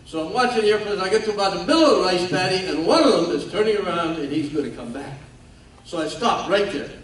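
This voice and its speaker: An older man with a drawl speaks as guest speaker at a ceremony. His voice sits slightly high and he tells his story with folksy, self-mocking humor. It comes from far off the mic in a reverberant hall, with a faint hiss beneath it. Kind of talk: storytelling speech.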